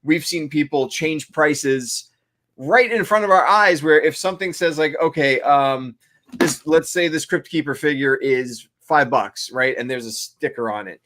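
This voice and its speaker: A man's voice: fairly high pitch, measured pace, a bit bright. A man co-hosting a casual chat, ranting and swearing freely. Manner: profane, ranting. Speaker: co-host.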